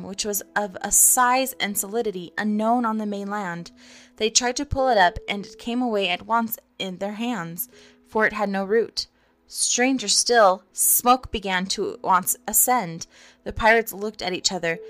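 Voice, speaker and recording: A woman's voice: medium pitch, measured pace, a bit bright, faint music behind. Woman reading a storybook aloud. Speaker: narrator.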